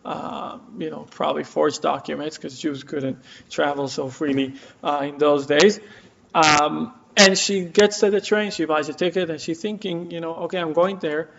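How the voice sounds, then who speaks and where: A man's voice: a little high, steady tone, normal speed, vocal fry, fairly bright tone, slight background noise. A man teaching a class and telling a story, with many fillers and restarts, acting out the quoted lines. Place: community center classroom. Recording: dull lo-fi room recording.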